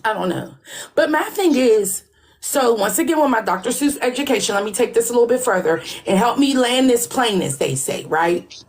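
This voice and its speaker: Co-host, woman, slightly high voice, dry sarcastic questioning. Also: expressive, normal speed, a little mellow. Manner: mock-innocent, sarcastic questioning. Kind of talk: casual commentary chat.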